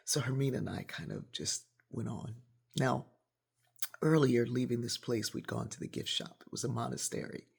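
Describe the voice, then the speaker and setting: Woman with a very gravelly, husky voice. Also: extremely low pitch. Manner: gravelly, husky, often sinks to a whisper; reflective, closing with a gentle lesson. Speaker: podcast host. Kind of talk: personal storytelling.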